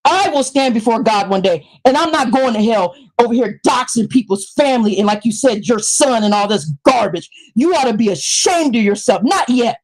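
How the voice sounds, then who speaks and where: A woman live streamer reading a letter aloud and answering it in a confrontational, taunting, preachy rant, swinging between low mutters and sudden shrieks. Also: expressive, moderate pace, few pauses, low-quality recording.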